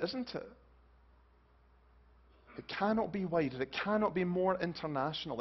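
Preacher swinging from urgent to hushed. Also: male voice, high voice. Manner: dramatic swings from loud urgent rises to hushed soft pleas. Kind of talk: sermon. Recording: dull lo-fi recording.

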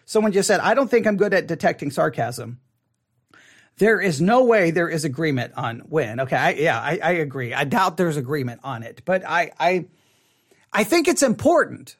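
Man, pastor, casual livestream teaching, conversational, repeats words, high voice. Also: lively intonation, moderate pace. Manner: conversational, restarts and repeats words, asks questions. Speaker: pastor leading an online Bible study.

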